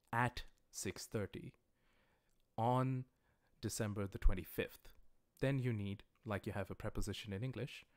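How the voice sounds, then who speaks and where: Guy explaining grammar in a live class, lowish voice, patient, slows down for examples. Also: no room sound. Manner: patient, explanatory, repeats example sentences slowly. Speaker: language teacher. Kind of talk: livestreamed lecture.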